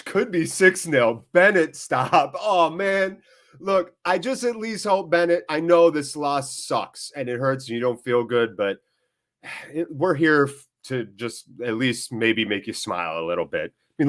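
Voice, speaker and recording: A man hosting a live football watchalong, chatting casually, joking, getting excited and reading out viewer comments. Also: a little high. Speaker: watchalong host.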